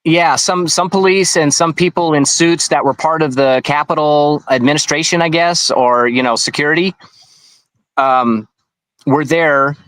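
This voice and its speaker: A man's voice: fairly high pitch, fairly even intonation, unhurried, a bit bright, no room sound, low-quality recording. A man being interviewed, recounting events in a rambling, conversational way with frequent restarts. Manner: rambling, with many restarts and asides. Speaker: interview guest.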